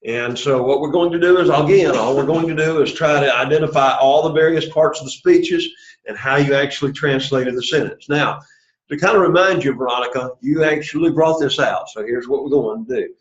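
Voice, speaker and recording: In an echoey room with dull, lo-fi sound, a man with a medium-pitched voice teaches an introductory Greek class briskly. After opening with a prayer, he patiently drills his students.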